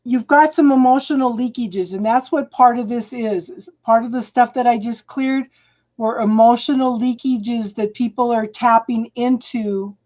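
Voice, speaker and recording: Warm-voiced woman giving a live tarot reading. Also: fairly high pitch, fairly even intonation. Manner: halting and repetitive, restarting phrases and calling viewers hun. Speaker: tarot reader. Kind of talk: live-stream tarot reading, talking to viewers.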